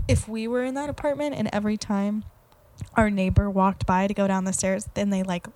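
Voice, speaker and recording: A woman's voice: mid-range voice, fairly even intonation, brisk, a little mellow, slight background noise. A woman chatting casually and laughing easily as a podcast co-host. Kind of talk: casual chat.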